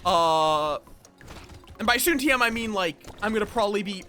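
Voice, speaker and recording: While playing a game on stream, this person keeps up loose chatter with the audience, wandering off topic and interrupting their own sentences. Their medium-pitched voice sounds pushed and bright, expressive at a moderate speed, over quiet background music.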